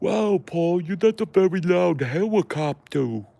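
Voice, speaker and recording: Man doing a squeaky gravelly mock-wonder voice. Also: lively intonation, mellow, dry recording, full character voice. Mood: mock amazement. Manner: exaggerated, slow, sarcastic wonder. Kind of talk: comic bit in podcast banter.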